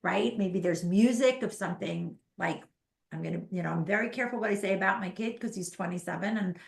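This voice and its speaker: A woman in her fifties chatting as a parenting coach, with a gravelly edge in her voice. She talks animatedly and leans hard on her points. The sound is roomy and echoey. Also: medium pitch, brisk. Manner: animated, emphatic, acts out parents and kids in quotes. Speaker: ADHD parenting coach, podcast guest. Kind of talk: casual interview chat. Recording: echoey room.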